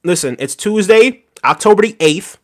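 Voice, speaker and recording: A man's voice: sits high, expressive, moderate pace, fairly bright tone. A man casually chatting on a live stream about politics, mocking and talking straight to his viewers' messages. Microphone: desk microphone.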